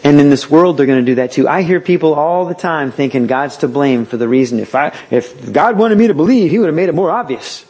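A man's voice: fairly high pitch, fairly quick, hardly any pauses, darkish tone, breathy edge. A man preaching a sermon in a conversational way. He acts out quotes as he goes.

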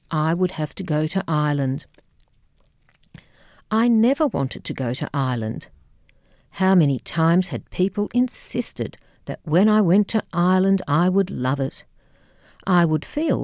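A woman narrating her own memoir audiobook in a wry, measured storytelling manner. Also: lowish voice, warm tone, dry recording, studio quality.

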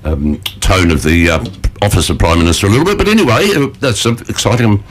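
A man's voice: fairly low pitch, animated, fast, slight background noise. A man presenting on morning radio from a studio, chatting casually with a rambling, chuckly manner and many fillers.

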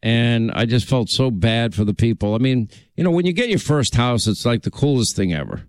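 A man's voice: medium pitch, expressive, fairly quick, dry recording. A man hosting a call-in radio talk show, chatting with callers in a friendly, rambling way.

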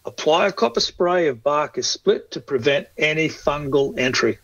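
Higher-voiced man giving garden tips. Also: lively intonation, a bit bright, no echo. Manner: measured, instructive delivery. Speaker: gardening show co-host. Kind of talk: gardening advice talk. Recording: dull lo-fi sound.

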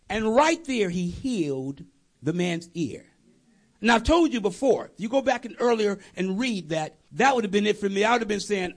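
A male pastor delivers a sermon to a congregation as an animated story, voicing the characters and chuckling as he goes. His voice is high and gravelly, with a breathy huskiness. His pitch rises and falls dramatically. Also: normal speed.

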